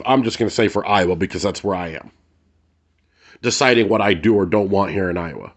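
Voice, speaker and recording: A man with a low-pitched voice delivers a heated, profane rant straight to camera, hammering his points by repeating phrases. The sound is dull and lo-fi. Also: fairly quick. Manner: angry, blunt and profane, repeats phrases for emphasis. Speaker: vlogger. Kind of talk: heated ranting commentary to camera.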